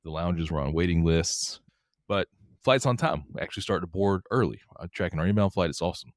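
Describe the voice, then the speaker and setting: A middle-aged man co-hosting a podcast, telling travel stories in an animated way, laughing and acting out what people said. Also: sits low, fairly quick, no room sound, studio quality. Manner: animated, laughing, acts out quotes. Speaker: podcast co-host. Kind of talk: casual storytelling chat.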